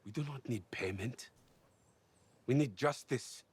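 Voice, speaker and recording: Unbending drama commander: slow, husky, clipped demands. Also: male voice, mid-range voice, dry recording. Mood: stern. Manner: clipped, stern, deliberate. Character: stern, unbending male soldier commander.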